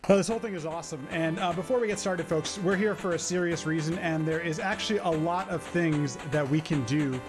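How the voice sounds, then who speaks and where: A man's voice: on the high side, fairly quick, few pauses. A man giving upbeat, chatty live commentary on his speedrun, explaining as he plays. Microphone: quiet home streaming mic. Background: game music.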